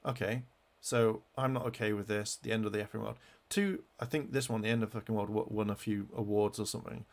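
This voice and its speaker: A man's voice: lowish voice, fairly even intonation, fast, gravelly. A man venting in an angry vlog rant as he clicks through web pages, swearing constantly and restarting his sentences. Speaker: fan vlogger.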